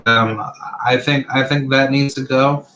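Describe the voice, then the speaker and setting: A man in his thirties talks slowly through a casual opinion monologue. He is blunt, rambles, and leans hard on "you know" and "like" between his points. His voice sits at an ordinary male pitch. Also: steady tone, bright, forceful tone, a little hiss or hum, low-quality recording. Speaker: channel host.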